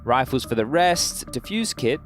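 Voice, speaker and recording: A man giving measured, analytical color commentary on a live esports match, with frequent hesitations. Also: mid-range voice, animated, soft background music.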